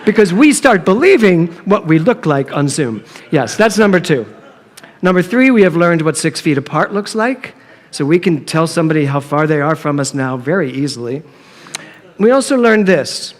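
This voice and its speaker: A middle-aged man preaching a sermon, telling a humorous story and acting out the dialogue in a playful, animated way. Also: on the high side, moderate pace. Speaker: minister. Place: church sanctuary. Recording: long reverb of a hall.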